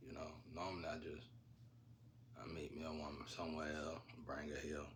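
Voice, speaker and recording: A man's voice: rumbling low, flat delivery, a little fast, slight background noise. A man telling stories in a casual, rambling way, laughing often and using slang. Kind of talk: casual storytelling.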